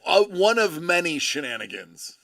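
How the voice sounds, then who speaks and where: A man's voice: sits high, big pitch swings, moderate pace, gravelly, bright, forceful tone. An American man hosting a casual stream, rambling and joking with many fillers and restarts. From United States. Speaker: livestream host and father.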